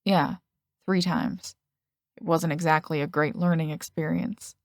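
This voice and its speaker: A woman's voice: low voice, fairly even intonation, unhurried, creaky, no echo, studio quality. A woman voicing an earnest, slightly hesitant young man in an audiobook.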